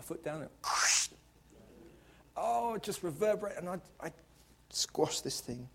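A man preaching in church with a playful, jokey delivery. His voice sits a little high and swoops all over the place. He drops to near-whispers, then rises to loud, emphatic calls to the congregation. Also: slow, creaky, pauses often, noisy background. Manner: playful, jokey and expressive, swinging from hushed to loud. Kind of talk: lively sermon.

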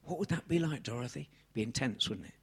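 Lively English preacher with husky voice. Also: male voice, medium pitch, fast. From England. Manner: animated, swings from soft asides to loud exclamations. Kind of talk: sermon. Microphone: handheld mic.

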